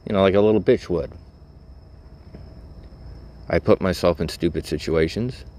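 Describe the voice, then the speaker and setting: A middle-aged man talks in a very deep, low voice, rambling bluntly and cynically with plenty of fillers and the odd curse. He records a casual vlog from inside a vehicle. A faint hum of the road sits behind him. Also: moderate pace, warm tone. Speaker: vlogger.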